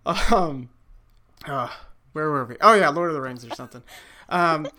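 Laid-back game master, slightly high voice. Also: male voice, animated, pushed and bright. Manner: easygoing, chuckles often, slows down for scene narration. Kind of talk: narrating a tabletop game.

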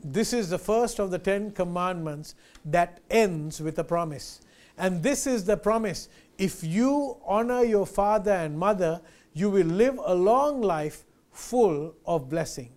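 A man's voice: sits high, expressive, unhurried, a little mellow. A male pastor preaching a sermon, earnest and emphatic, repeating key phrases and addressing listeners as friends.

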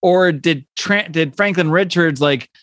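A man's voice: a little high, unhurried, a bit bright, no room sound. A man co-hosting a casual podcast, asking questions and chatting with frequent restarts. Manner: chatty, asks questions with many restarts and fillers. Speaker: podcast co-host. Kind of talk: casual chat.

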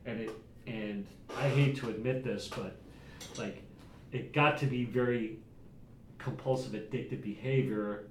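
A man's voice: mid-range voice, fairly even intonation, measured pace. A man talking candidly as a podcast guest in a rambling way, often adding "like" and "right?". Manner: rambling, fills speech with "like" and "right?". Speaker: guest, entrepreneur and father. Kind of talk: candid casual conversation. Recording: echoey room, distant mic, faint noise.

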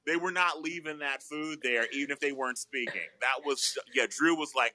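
A man's voice: a little high, pushed and bright, no room sound. A man co-hosting a casual chat show, gossiping and joking about a reality series. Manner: gossipy, joking, quick asides. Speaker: podcast co-host.

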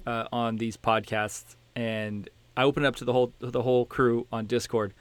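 A man's voice: mid-range voice, level tone, normal speed, smooth, dry recording. A man hosting a podcast, chatting casually and teasing his co-hosts with jokey questions. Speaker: podcast host. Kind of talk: casual chat.

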